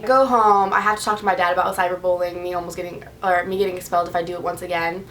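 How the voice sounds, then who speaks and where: A young woman vlogger telling a casual storytime, acting out every quote with sudden jumps in pitch. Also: rapid-fire, few pauses, a bit bright. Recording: slightly distant mic with faint noise.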